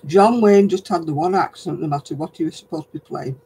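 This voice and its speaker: A man's voice: a little high, brisk, gravelly, mellow, a little hiss or hum, rough recording. An older man hosting a casual livestream chat, talking in a rambling, chatty way and laughing often. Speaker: host.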